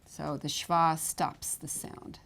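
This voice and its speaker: Slow, patient woman teaching a class. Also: low-pitched, flat delivery, gravelly, a bit bright, slight background noise. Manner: patient, repeats sounds aloud for learners to echo. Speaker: Hebrew teacher. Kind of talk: slow classroom drill, teaching vowel sounds.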